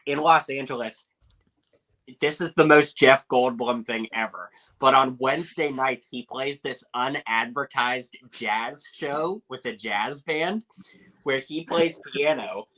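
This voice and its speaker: A young man telling animated anecdotes as a podcast guest, with lots of filler words. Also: medium pitch, takes it slowly, poor audio. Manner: animated storyteller, many "like" fillers.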